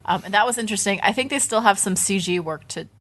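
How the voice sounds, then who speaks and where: A young adult woman co-hosting a casual podcast, telling stories in an animated, laughing way. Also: medium pitch, fast talker. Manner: animated storyteller who laughs at her own anecdotes. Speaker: podcast co-host.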